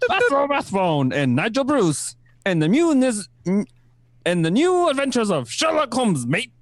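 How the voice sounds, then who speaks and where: A man's voice: very high voice, huge pitch swings, a little slow, background noise, exaggerated voice. A man voicing an old-time radio announcer with a put-on New Zealand accent, tacking "mate" onto his lines. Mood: hammy. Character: male radio announcer with a shaky Kiwi accent. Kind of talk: amateur radio play reading.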